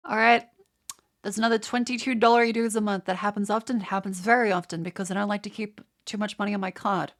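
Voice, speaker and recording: Aussie woman streaming, chatty and sweary, middle pitch. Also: steady tone, quick pace. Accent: Australian. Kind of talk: casual livestream chat.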